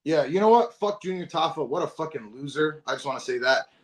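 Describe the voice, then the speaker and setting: A man's voice: on the high side, animated, fast. Emphatic, profane man co-hosting. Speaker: podcast co-host. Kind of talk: casual fight recap chat.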